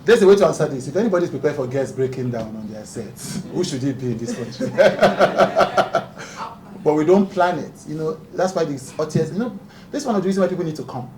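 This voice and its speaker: A man's voice: fairly high pitch, animated, fast talker, hardly any pauses, mellow. A man, a talk show host speaking earnestly and emphatically at a press conference, often breaking into laughter. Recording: echoey room, distant mic, background noise.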